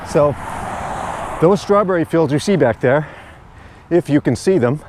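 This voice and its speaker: A man's voice: a little high, animated, measured pace, darkish tone. Chatty man narrating a bike ride. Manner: chatty, rambling, good-humored. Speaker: vlogger. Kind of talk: casual narration while cycling. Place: outdoors on a bike path.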